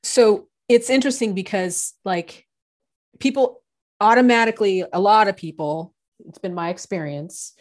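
A woman's voice: medium pitch, moderate pace. Woman from san diego talking casually, earnest, explains things. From San Diego, United States. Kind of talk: casual conversation.

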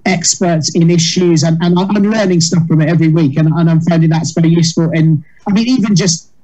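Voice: mid-range voice, fairly quick, mellow, low-quality recording. A comedian guest chatting over a video call, rambling through tangents with frequent laughs. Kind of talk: casual chat.

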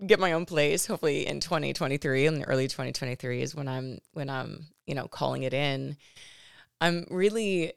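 A woman's voice: sits low, a little fast, creaky, smooth, no echo, studio quality. A woman hosting her own podcast, talking earnestly and emotionally about her life, with lots of fillers and restarts. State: near tears at times. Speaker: podcast host. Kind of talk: personal reflective monologue.

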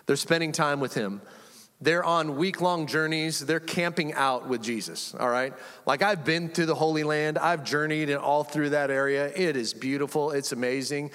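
High-voiced male pastor preaching. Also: normal speed. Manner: conversational and animated, acts out quotes, chuckles often. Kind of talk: sermon. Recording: long reverb of a large room.

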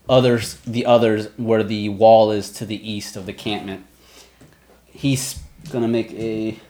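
A man's voice: medium pitch, a little mellow. A man running a tabletop game as game master, narrating the action casually between rule calls. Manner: casual, rule-checking narration with quick asides.

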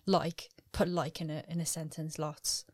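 A woman's voice: sits low, flat delivery, measured pace, no echo, studio quality. A woman co-hosting a podcast, chatting casually and playfully and laughing easily. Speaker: podcast co-host. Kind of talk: casual chat.

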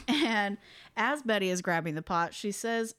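A woman's voice: mid-range voice, animated, unhurried, fairly bright tone, clean tone, no room sound. Give me a chatty woman host retelling a ghost story, recorded dry. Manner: chatty, laughs often. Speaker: podcast host.

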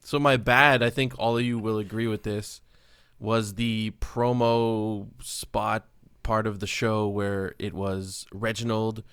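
A man's voice: fairly low pitch, level tone, slow, fairly bright tone, clean tone, no room sound, clean studio sound. A man co-hosting a casual podcast, joking and walking through a segment in detail. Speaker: podcast co-host. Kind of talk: casual wrestling podcast chat.

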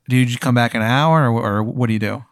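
Young man, comic game master, deadpan, smooth clear voice, dry close sound. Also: mid-range voice, dry recording. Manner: deadpan, laughs at his own bits. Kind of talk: improvised comic tabletop narration.

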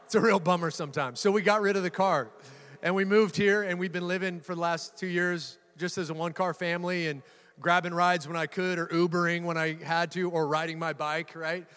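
A middle-aged pastor preaches a sermon to his church in a voice that sits high for a man, speaking a little fast with a clean tone. He tells stories with playful humor and laughs, now and then punching a phrase hard for emphasis. A long reverb suggests a large hall.

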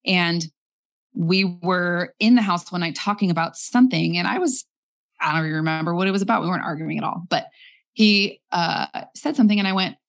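A woman's voice: on the low side, brisk. A young woman candidly telling a personal story in casual conversation, acting out what people said to her. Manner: candid, acts out the quoted lines.

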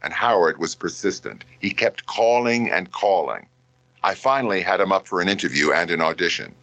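Man reading aloud, very deep voice, dry sound, steady. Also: normal speed, no room sound, muffled recording. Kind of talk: reading a book passage aloud.

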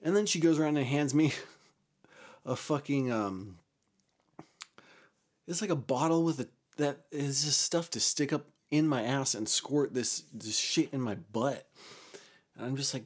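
A man's voice: medium pitch, unhurried, long pauses. A man casually telling a personal story, rambling and swearing, with frequent restarts and chuckles.

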